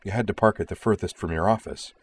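A man voicing a cautious young female cadet pilot who speaks quietly, in a storybook reading. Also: low-pitched, fast talker, a little hiss or hum, close to an everyday voice. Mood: hushed. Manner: quiet, hushed.

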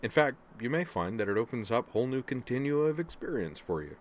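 A man's voice: medium pitch, very animated, a little fast, slight background noise, voice pushed up, lightly acted. A man voicing an earnest, expansive human man in an audiobook reading, rambling and emotional.

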